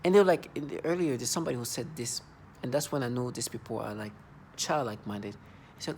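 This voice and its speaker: A man's voice: medium pitch, quick pace, a little mellow, a little hiss or hum. A man in his thirties ranting in an agitated, repetitive, accusing monologue to camera. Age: 30s. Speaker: vlogger.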